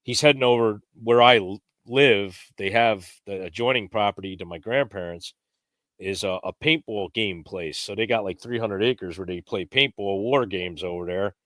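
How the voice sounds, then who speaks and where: A man telling a lively, casual story as a podcast guest, raising his pitch when he acts out what others said. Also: normal speed, no room sound, clean studio sound.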